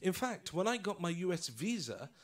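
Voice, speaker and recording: A man's voice: high-pitched, big pitch swings, moderate pace. A man from England speaking casually to an audience, telling anecdotes with frequent fillers. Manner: casual, storytelling with filler words. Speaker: guest speaker.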